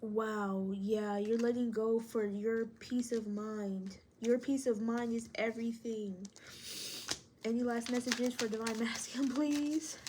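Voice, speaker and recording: A woman's voice: a little high, steady tone, a little slow, noisy background. A woman reading tarot to camera, encouraging and speaking straight to the viewer, thinking aloud as she pulls cards. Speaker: tarot reader.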